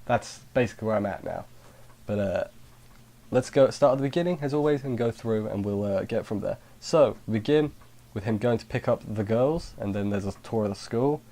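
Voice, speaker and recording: A man's voice: lowish voice, brisk, mellow. A man giving a casual anime review, rambling with frequent restarts and dry sarcasm. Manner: rambling, sarcastic, self-interrupting.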